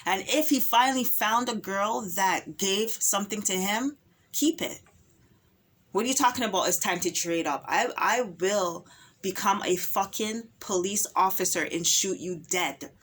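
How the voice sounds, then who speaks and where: A woman's voice: medium pitch, measured pace, fairly bright tone. A woman speaking an impassioned personal monologue, emphatic and repetitive, full of rhetorical questions.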